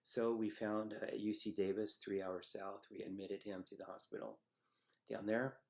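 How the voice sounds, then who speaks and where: A middle-aged man telling a personal memory in a halting, reflective way, with many pauses and fillers. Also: on the low side, level tone, a little mellow. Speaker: storyteller recounting a personal memory. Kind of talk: personal testimony.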